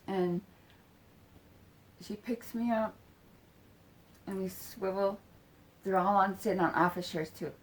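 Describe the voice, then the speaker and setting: A woman telling a personal story in a casual, halting way, full of fillers and swearing, acting out quoted lines and sometimes dropping to a whisper. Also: medium pitch, fairly even intonation, low-quality recording.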